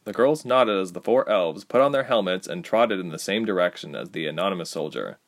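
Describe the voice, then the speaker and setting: A man narrating a fantasy audiobook with expressive storytelling. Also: low-pitched, fairly quick. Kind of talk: scripted narration.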